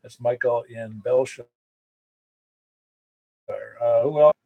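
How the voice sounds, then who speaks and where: A man's voice: mid-range voice, fairly even intonation, slow, gravelly, narrow, tinny audio. A man acting as net control on a ham radio net, chatting casually and rambling with self-corrections. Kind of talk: casual on-air radio chat.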